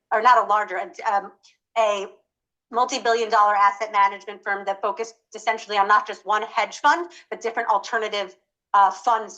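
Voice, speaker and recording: A woman in her forties speaks on a conference panel in a bright, clear voice. Her delivery is conversational and loose, full of fillers, restarts and self-corrections as she works through her thoughts. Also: medium pitch, low-quality recording.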